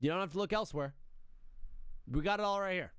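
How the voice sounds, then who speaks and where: A man's voice: high-pitched, fast, fairly bright tone, clear, resonant tone, no room sound. A young man hosting a live sports stream, talking in a brash, joking, fired-up patriotic banter. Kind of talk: casual live-stream chat.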